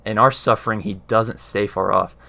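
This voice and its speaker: A man's voice: fairly low pitch, fairly even intonation, moderate pace, vocal fry, sharp tone. A man in casual explanatory talk, earnest, often checking in with his listener as he explains. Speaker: speaker explaining faith.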